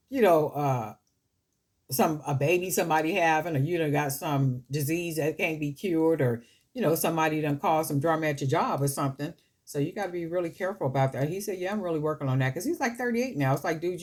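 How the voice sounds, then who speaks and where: A woman's voice: low-pitched, darkish tone, husky. Chatty woman crafting jewelry. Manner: rambling, chatty storytelling, talks to viewers as family. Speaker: jewelry-making channel host. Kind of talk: casual chat while crafting.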